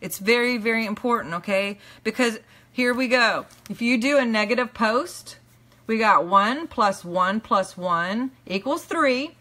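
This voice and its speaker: A woman teaching a live online class in an earnest, emphatic way, often checking in with her listeners and letting phrases drop low and soft at the end. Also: unhurried. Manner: earnest, emphatic, repeats "okay?" to the audience. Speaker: teacher and minister. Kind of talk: live-streamed motivational teaching.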